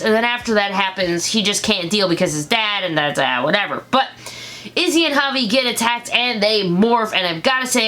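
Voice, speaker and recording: Chatty bright-voiced woman reviewer. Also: a little high. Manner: chatty, jokey, acts out lines in quick voices. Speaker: show reviewer. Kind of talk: casual episode recap.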